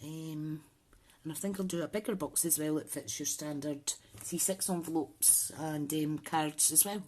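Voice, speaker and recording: A woman's voice: low-pitched, fairly even intonation, normal speed, a little mellow. A woman hosting a casual crafting tutorial, chatting and thinking aloud with frequent ums. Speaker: papercraft channel host.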